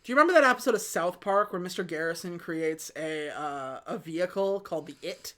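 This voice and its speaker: A woman hosting a podcast, casually retelling a film plot and quickly acting out the characters' lines. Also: fairly low pitch. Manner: animated retelling with quick put-on quotes. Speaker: podcast host. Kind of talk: casual movie recap chat.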